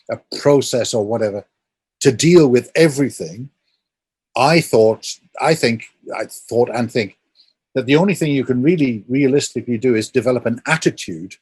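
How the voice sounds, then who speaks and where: A man's voice: mid-range voice, husky, dry recording. A man talking as an interview guest, thoughtful and explaining his ideas at length with stories. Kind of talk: reflective conversational talk.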